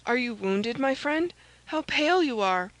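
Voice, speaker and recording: A woman's voice: on the high side, measured pace, fairly bright tone, no echo, low-quality recording. A woman doing a stern, curt musketeer. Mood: concerned. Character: stern, phlegmatic older male musketeer.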